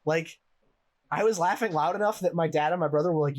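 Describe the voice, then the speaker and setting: A man's voice: on the high side, brisk. A young American man co-hosting a podcast, telling a story in a rambling way with lots of swearing and laughter. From United States. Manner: profane, rambling, laughs while telling stories. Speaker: podcast co-host. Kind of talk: casual storytelling chat.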